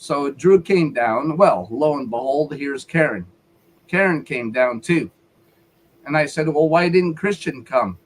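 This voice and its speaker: A man with a somewhat high voice rants on a live stream. He talks heatedly and swears often. He keeps circling back over his own words. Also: lively intonation, unhurried, rough recording. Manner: heated, profane, repeats himself. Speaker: featured speaker on a live call-in show. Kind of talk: angry rant on a live stream.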